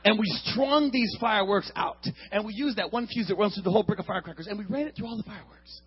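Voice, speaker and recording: A man telling a comic story on stage, acting out noises and shouting with big energy in a husky voice. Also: high voice, fast, lo-fi sound. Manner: animated, acts out sound effects and shouts. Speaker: comedian. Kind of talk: stand-up storytelling.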